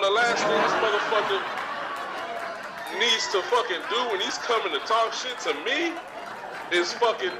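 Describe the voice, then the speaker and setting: Trash-talking and profane, a male podcast host swaggers through a brash comedic rant in a high, bright, forceful voice. It's recorded on a distant mic that picks up faint crowd noise.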